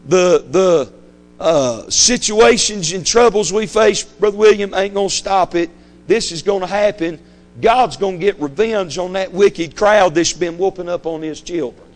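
A man's voice: high-pitched, a little slow. A man preaching a fiery sermon, emphatic and repetitive, hammering his points home. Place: church sanctuary.

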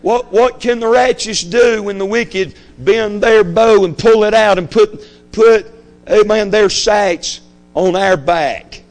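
A man's voice: high voice, takes it slowly. A man preaching a fiery sermon, emphatic and repetitive, hammering his points home. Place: church sanctuary.

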